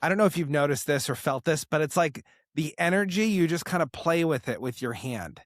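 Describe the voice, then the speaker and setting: Earnest man hosting a podcast, slightly high voice. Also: animated, a little fast, no echo, clean studio sound. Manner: earnest, reflective, with restarts. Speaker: podcast host. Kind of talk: casual conversation.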